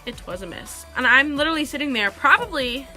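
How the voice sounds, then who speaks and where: Quick, bright-voiced teenage girl vlogger. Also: sits high, expressive, soft background music. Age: teenager, about 16. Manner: chatty, rambling, heavy use of "like". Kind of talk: casual storytelling to camera.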